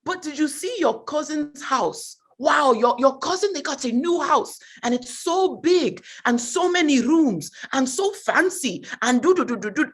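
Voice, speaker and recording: A woman voicing her bragging middle-aged Nigerian mother, with a Nigerian accent and gushing, drawn-out exclamations. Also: high-pitched, lively intonation, voice pushed up. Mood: boastful.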